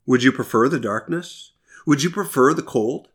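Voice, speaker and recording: A man playing a calm, patient fire-bringing stranger. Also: mid-range voice, husky. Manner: calm, measured, reassuring.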